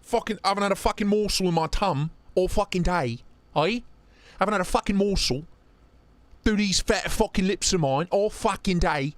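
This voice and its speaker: A man's voice: high voice, moderate pace, dry recording, close to an everyday voice. A man voicing a cocky British bloke in exaggerated mock-British slang, cursing heavily. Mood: mock-indignant.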